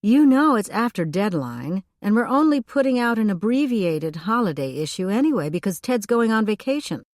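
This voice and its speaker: A woman's voice: mid-range voice, sing-song, normal speed, no echo, studio quality, voice pushed up, natural voice. Woman voicing a patient small-town reporter.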